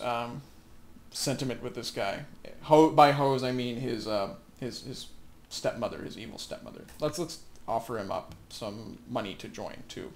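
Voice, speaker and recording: A man's voice: mid-range voice, a little hiss or hum. A man hosting a let's play, joking and rambling through casual gameplay commentary, with faint ambience behind him.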